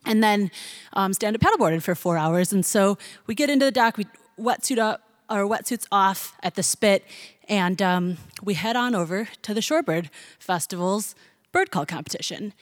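A young woman telling a funny personal story to an audience, animated and laughing, mimicking excited voices. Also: medium pitch, normal speed, dry recording.

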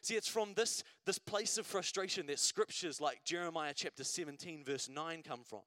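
A man's voice: fairly high pitch, moderate pace, pushed and bright, no echo, clean studio sound. A man preaching a sermon at a church service in a conversational way, often checking in with the congregation and building to emphatic repetition.

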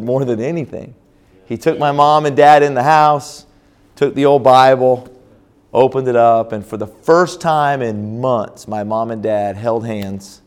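A man preaching as a pastor at a church conference, telling a personal story with frequent restarts and fillers. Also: medium pitch. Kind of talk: sermon testimony.

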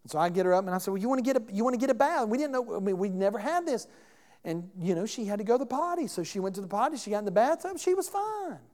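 This pastor's voice sits high and is a little mellow, with lively intonation and a racing pace. Preaching in a church sanctuary, he tells a story conversationally and questions the congregation, and the recording carries long church hall reverb.

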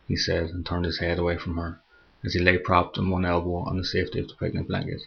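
Deep gravelly male horror narrator. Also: completely flat delivery, dull audio. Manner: slow, measured reading. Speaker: podcast host and story narrator. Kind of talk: scripted story narration.

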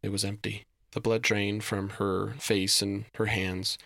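A man narrating a story in a steady, descriptive reading. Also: lowish voice, a little slow, vocal fry, no room sound, studio quality.

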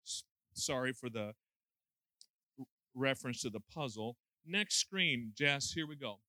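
A man's voice: medium pitch, expressive, unhurried, pushed and bright, no echo. A man in his sixties preaching a conversational sermon with folksy, self-deprecating humor and lots of fillers. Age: 60s.

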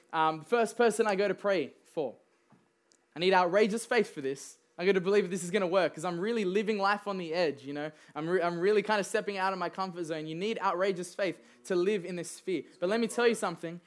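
A young preacher with a high-pitched voice delivers his sermon as if chatting with friends. His storytelling is loose and conversational, full of fillers and quick laughs.

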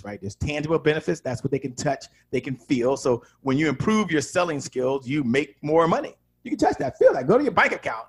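A man coaching on sales as a podcast guest, emphatic and animated, acting out little dialogues. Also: a little high, slightly rough.

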